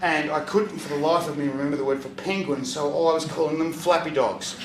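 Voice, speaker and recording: A man telling a profane stand-up story, breaking into loud shouts at punchlines. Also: on the high side, big pitch swings, normal speed, over a noisy crowd. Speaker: stand-up comedian. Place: comedy venue stage, audience laughter. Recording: echoey live venue from far off.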